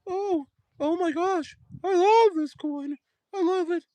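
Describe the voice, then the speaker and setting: A man imitating a fellow crypto streamer as a shrill old-lady-voiced man, gushing over coins in a breathless falsetto. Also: slow, dark tone, dry recording.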